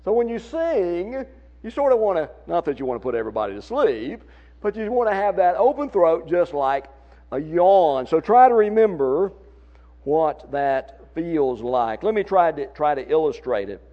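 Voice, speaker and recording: A man's voice: fairly high pitch, sing-song, normal speed. A man with a Southern accent leading a church congregation in singing tips, folksy and encouraging. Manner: folksy, encouraging, demonstrates voice techniques. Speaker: church song leader. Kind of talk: singing workshop instruction. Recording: muffled lo-fi recording.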